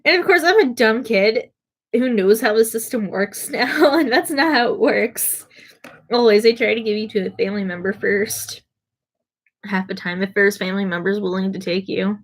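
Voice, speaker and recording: A woman's voice: medium pitch, moderate pace. A young woman streamer telling stories in a casual, rambling way, mocking herself and laughing as she goes. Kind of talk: casual storytelling.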